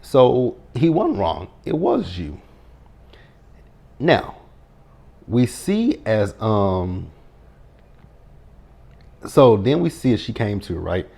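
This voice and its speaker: Sassy, profane man, lowish voice. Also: big pitch swings, extremely slow, gravelly, long pauses, warm tone. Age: 30s. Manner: blunt, profane, sassy retelling. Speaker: TV episode recap host. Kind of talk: casual recap chat.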